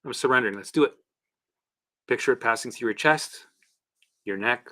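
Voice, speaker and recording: A man hosting a casual livestream, coaching viewers through exercises in an animated, chatty way with the odd swear word. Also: medium pitch, moderate pace. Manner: guides listeners through exercises. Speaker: host and recovery coach.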